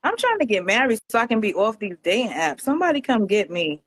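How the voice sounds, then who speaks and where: A woman from Queens, a guest on a live dating show who jokes around and gives playful shout-outs. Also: on the high side, sing-song, fast talker. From Queens, New York. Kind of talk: casual chat.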